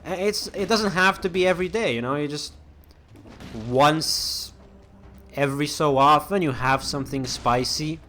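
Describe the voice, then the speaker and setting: A man's voice: fairly high pitch, moderate pace, bright, forceful tone, slight background noise. A young man hosting a let's-play, chatting casually as he plays, rambling with lots of restarts and fillers. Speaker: gaming channel host.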